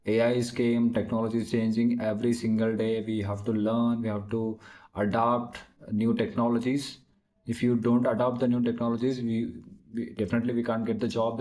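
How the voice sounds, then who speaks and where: Mellow-voiced man, halting and searching. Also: on the low side, level tone, low-quality recording. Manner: halting, searching for words, many restarts. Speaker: English learner practicing speaking. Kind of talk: spoken practice conversation.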